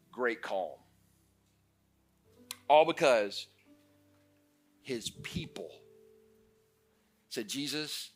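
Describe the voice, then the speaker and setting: A male pastor preaching a sermon, animated, moving between loud bursts and hushed passages. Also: medium pitch.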